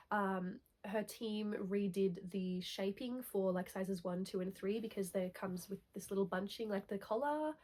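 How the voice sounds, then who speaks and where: A young woman with a congested, nasal voice from a cold, chatting casually to camera in a rambling way that keeps correcting itself. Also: mid-range voice. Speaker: knitting vlogger.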